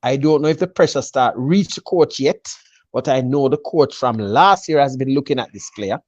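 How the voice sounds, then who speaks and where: A man's voice: medium pitch, normal speed, darkish tone, no echo, muffled recording. A man with a Jamaican accent in a casual sports chat, confidently breaking down a team selection and mixing patois with English. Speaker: football pundit.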